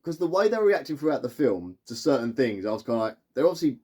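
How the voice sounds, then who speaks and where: A man talks to camera as a vlogger, spinning loose, animated anecdotes. His voice is warm and mellow, sitting at an ordinary middle pitch. He rambles a little and keeps breaking into chuckles. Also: fast, slightly rough. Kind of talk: casual storytelling to camera.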